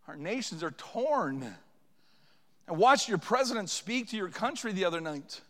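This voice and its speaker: A man's voice: high-pitched, expressive, normal speed, a bit bright, long reverb tail. A man preaching an impassioned sermon as pastor, building to fervent cries. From Canada. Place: church sanctuary.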